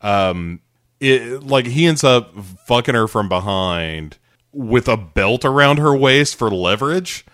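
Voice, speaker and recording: A man's voice: mid-range voice, expressive, slow pace, a bit bright, no echo, studio quality. A man in casual podcast chat, recapping a TV scene in a playful way and often laughing.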